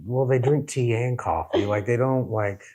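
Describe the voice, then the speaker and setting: A man's voice: mid-range voice, normal speed. An American man hosting a reaction video, chatting casually and rambling with lots of fillers. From United States. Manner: rambling, animated, many fillers and restarts. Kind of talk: casual chat.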